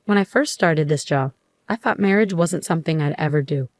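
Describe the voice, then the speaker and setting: A woman in her late twenties telling a first-person story in an even, matter-of-fact way. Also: sits low, fairly quick, no echo. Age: late 20s. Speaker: narrator.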